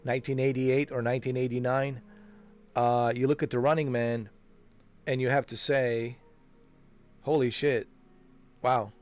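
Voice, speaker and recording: A man's voice: medium pitch, level tone, normal speed, a little mellow, smooth, soft background music. Rambling casual gamer guy. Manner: rambling and loose, peppered with "man" and "dude"; frequent fillers and self-corrections while searching for names. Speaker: gaming channel host. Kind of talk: casual chat over a game walkthrough.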